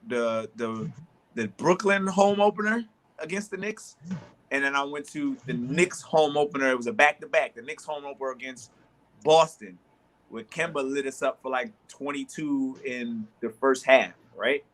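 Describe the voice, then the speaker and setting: Co-hosting a sports talk show, this man speaks at normal speed with medium pitch and a fairly bright tone. In casual chat he spins long stories full of restarts, playing both sides of an argument with animation.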